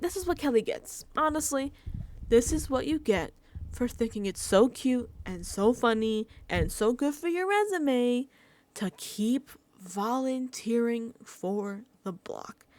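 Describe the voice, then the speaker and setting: A young woman talks through a reality show recap in a sassy, gossipy tone. Her pitch swings widely as she acts out what the contestants said. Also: darkish tone, no room sound. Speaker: recap vlogger.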